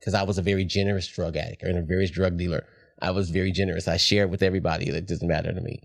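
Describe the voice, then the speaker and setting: A man's voice: sits low, little pitch movement, racing, gravelly. A middle-aged man, a podcast guest, talking candidly in a reflective, heartfelt way. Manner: reflective, heartfelt, soft-spoken at times.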